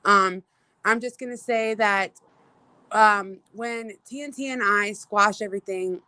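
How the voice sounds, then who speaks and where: Bright-voiced woman venting on a livestream. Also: medium pitch, measured pace, clear, resonant tone, dry recording, rough recording. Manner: exasperated, profane, frequent fillers and restarts. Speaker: livestream host. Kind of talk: casual livestream rant, greeting viewers. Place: outdoors.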